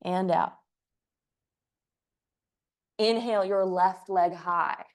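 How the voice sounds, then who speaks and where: A woman's voice: fairly low pitch, fairly even intonation, extremely slow. Playful woman leading a yoga class. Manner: playful, chatty, jokey asides. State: slightly out of breath. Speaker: yoga instructor. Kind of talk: guided yoga class cues. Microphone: clip-on mic, sometimes moved off.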